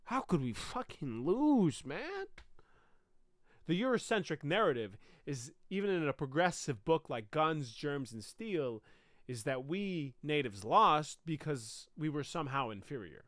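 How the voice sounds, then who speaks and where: A man rehearsing a comic solo show, telling his story in a profane, animated way. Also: on the high side, normal speed, dry recording, studio quality. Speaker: performer rehearsing a monologue.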